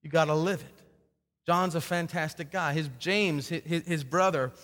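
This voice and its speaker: A man's voice: on the high side, fairly even intonation, moderate pace, a bit bright, big-room sound. A male pastor preaching a sermon in a loose, conversational way, repeating words as he restarts and acting out the people in his story. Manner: acts out quoted speakers in dialogue.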